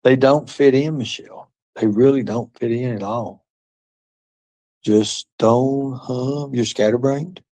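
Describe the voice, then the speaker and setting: Slow-paced and dark in tone, this man's medium-pitched voice carries a rambling livestream where he reads chat comments aloud. He taunts viewers as he answers, swearing and muttering asides.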